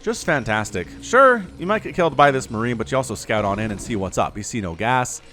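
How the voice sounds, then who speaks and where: With a brisk, lively delivery, a man casts a strategy game replay, his medium-pitched voice sounding pushed and bright. The commentary is casual and full of jokes, often veering into side remarks.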